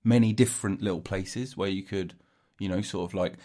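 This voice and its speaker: A man's voice: sits low, steady tone, fairly quick, warm tone. Rambling, jokey man hosting a podcast. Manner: jokey, self-interrupting, laughs at own jokes. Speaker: podcast host. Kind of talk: rambling solo comedy podcast.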